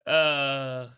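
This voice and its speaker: A young man streaming live with a bright, sharp voice that comes through smooth and clean. He rambles casually and swears freely as he chats to his viewers. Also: mid-range voice. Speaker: streamer hosting a watch party.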